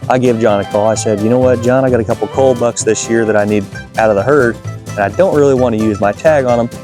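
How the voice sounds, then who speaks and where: Midwestern man, hunting vlog host, excitable folksy recap over guitar music. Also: mid-range voice, fast talker.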